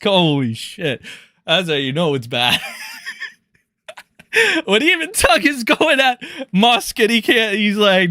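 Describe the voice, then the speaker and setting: A man's voice: high-pitched, very animated, unhurried, sharp tone, no echo, clean studio sound. A man doing profane live-stream commentary, mocking and crude, swearing and laughing often.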